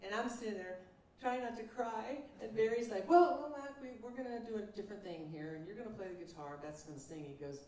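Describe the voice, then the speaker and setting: Animated woman telling a story. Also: medium pitch, fast talker, slight background noise. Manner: animated, acts out the people she quotes. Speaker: singer-songwriter guest. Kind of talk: storytelling in an interview. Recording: echoey room, distant mic.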